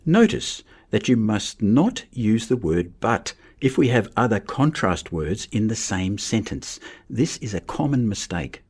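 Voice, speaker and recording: A man with a husky, breathy voice narrates a grammar lesson in a measured, explanatory way. His pitch sits fairly low and swings widely across each phrase. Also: very animated, darkish tone. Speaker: teacher. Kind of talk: scripted instructional narration.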